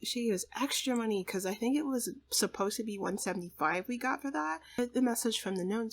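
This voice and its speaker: A woman's voice: on the high side, fairly quick, few pauses. Woman doing laid-back let's play commentary, chatty, lots of "like" and "you know". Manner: chatty, laughs often, says "like" and "you know". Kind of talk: casual gameplay commentary.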